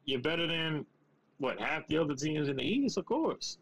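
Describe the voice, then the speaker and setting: A man co-hosting a casual sports podcast, teasing his co-host and slowing down to drive his points home. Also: a little high, expressive, poor audio.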